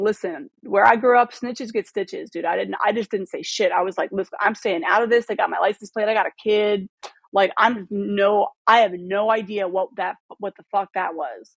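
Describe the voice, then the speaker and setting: A woman in her thirties, a podcast guest telling a long story in a casual, animated way, swearing freely and acting out the dialogue. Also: medium pitch, creaky, no room sound. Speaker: podcast guest, photographer and former model.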